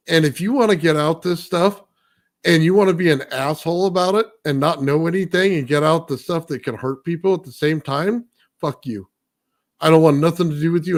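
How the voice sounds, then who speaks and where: A man on a casual talk show, ranting bluntly and profanely and ending nearly every point with "okay?". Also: on the high side. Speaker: guest, builder. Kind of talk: heated rant in casual talk.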